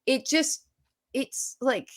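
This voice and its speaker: A woman co-hosting a political podcast, talking emphatically and fast and retelling scenes vividly as she makes her case. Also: high-pitched. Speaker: podcast co-host. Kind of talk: animated political podcast talk.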